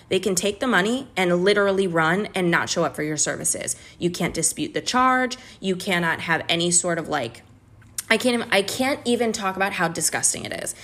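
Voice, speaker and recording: A woman's voice: medium pitch, fairly bright tone. Female podcast host, business coach, fired-up and exasperated, blunt and profane. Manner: heated, exasperated ranting with swearing. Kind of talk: candid business podcast monologue.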